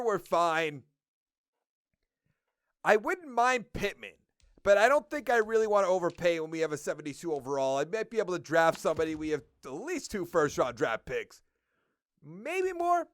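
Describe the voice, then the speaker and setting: A man with a Boston accent talks through a football video game in casual commentary, reading off stats and contract numbers as he decides. His voice sits high and swings up and down a lot. The sound is close and dry. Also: a bit bright, no room sound. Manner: thinking aloud while ticking through stats and numbers. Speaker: gaming video creator.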